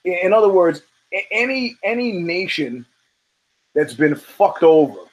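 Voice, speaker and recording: A man's voice: high-pitched, big pitch swings, unhurried, rough recording. A male show host giving a blunt, rambling commentary monologue full of profanity and restarts.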